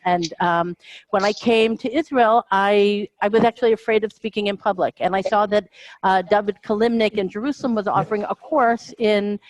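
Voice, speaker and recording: A woman's voice: medium pitch, steady tone, moderate pace, dry recording, poor audio. A middle-aged American woman comedian telling stories in a casual interview, rambling and self-interrupting, laughing often. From United States. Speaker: comedian guest.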